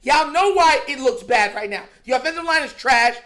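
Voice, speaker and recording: A high, bright voice carries this sports talk show host through an exasperated rant. The delivery is animated and slangy, mocking the other side and breaking into laughter between points. The voice stays sharp and forceful throughout. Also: moderate pace.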